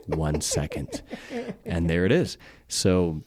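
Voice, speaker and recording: A man's voice: low voice, wildly swooping pitch, drawn-out words, pauses often, a little mellow, breathy edge, no echo. A man co-hosting a podcast in casual chat, laid-back, swearing now and then and restarting his words. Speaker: podcast co-host.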